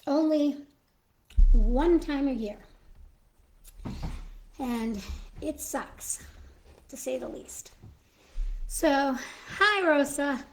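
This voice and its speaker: A woman hosting a casual live stream, short of breath and slowed by illness, talking haltingly with many pauses and fillers into a phone. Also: high voice, low-quality recording. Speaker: live stream host in a Mrs. Claus persona.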